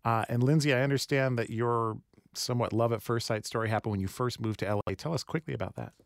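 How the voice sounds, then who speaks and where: A man hosting a radio call-in show, moving briskly between callers. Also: mid-range voice, gravelly, dry recording, studio quality. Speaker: radio host. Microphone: studio microphone.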